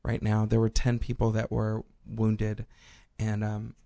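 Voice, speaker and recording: Gravelly-voiced man hosting talk radio. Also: fairly low pitch, completely flat delivery, measured pace, dark tone. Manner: chatty and playful, turns sober for news. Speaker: radio show host. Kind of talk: casual talk radio with call-ins. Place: studio.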